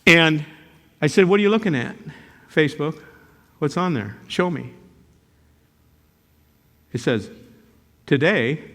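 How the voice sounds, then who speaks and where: Older man with a reverberant hall sound. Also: medium pitch. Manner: animated storytelling, joking, sudden loud outbursts. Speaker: character education teacher and speaker. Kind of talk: motivational talk to a live audience.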